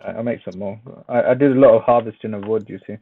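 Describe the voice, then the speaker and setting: A man's voice: fairly low pitch, fast, husky, no echo. A man casually chatting and joking while playing a game with friends. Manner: teasing, jokey, laughs a lot. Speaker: Minecraft let's player. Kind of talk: casual gaming chat. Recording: dry, phone-like voice chat.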